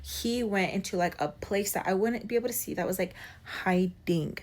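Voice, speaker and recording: A woman telling a personal story in a casual vlog, animated and expressive, often saying "like" and "y'all", swinging from loud bursts to hushed asides. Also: medium pitch, normal speed. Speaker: storytime vlogger.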